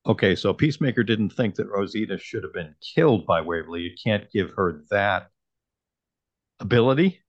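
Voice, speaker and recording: A man with a very low voice co-hosts a podcast and turns over his theories in a reflective, analytical way. His sound is slightly dull and lo-fi. It is dry and close, with no room echo. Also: expressive, moderate pace. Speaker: podcast co-host. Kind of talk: casual episode discussion.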